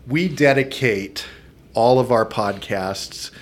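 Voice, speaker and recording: A man in his forties hosting a podcast interview, enthusiastic and quick to laugh. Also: medium pitch. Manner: warm, enthusiastic, laughs easily. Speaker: podcast host. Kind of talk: casual interview.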